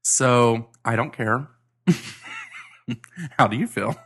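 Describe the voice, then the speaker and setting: A man's voice: mid-range voice, slow pace, fairly bright tone, slightly rough. A man hosting a podcast, chatting casually and reading out news items. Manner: laid-back, chatty, reads out news items. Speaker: podcast host. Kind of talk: casual chat.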